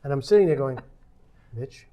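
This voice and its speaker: A man's voice: mid-range voice, a little fast, darkish tone. An older man telling a story from his working life in a podcast conversation, acting out the quoted dialogue as he goes. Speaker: podcast guest.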